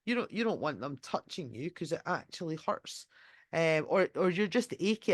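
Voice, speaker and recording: Deep-voiced and animated, a woman talks at a moderate pace in a casual live online dog-training session, using a computer mic while sharing her screen. The recording is dry and studio quality. She rambles with many fillers and restarts, swears casually, and occasionally acts out a dog's thoughts.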